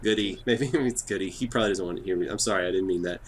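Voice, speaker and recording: A man from Texas hosting a podcast, hyped up, fast-talking and joking. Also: deep voice, a little hiss or hum. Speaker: podcast host. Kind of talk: casual chat.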